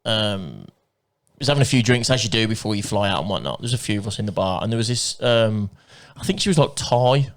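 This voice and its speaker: An Englishman with a lowish, animated voice co-hosts a podcast, speaking briskly as he tells a long, rambling story packed with swearing and quoted dialogue. It's casual storytelling chat.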